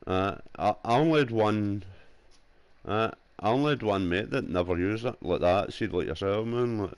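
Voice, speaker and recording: Glasgow lad on a gaming headset, lowish voice, swears loads, keeps laughing at his own stories. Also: moderate pace, dry recording. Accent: Scottish (Glasgow). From Scotland. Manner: swears a lot, rambling, laughs often. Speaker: gamer chatting on headset. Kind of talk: casual chat.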